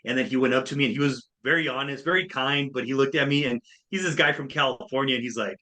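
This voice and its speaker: Bright-voiced man telling his story. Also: mid-range voice, quick pace. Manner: animated, acts out quoted voices. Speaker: guest, speaker and coach. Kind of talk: storytelling in a podcast interview.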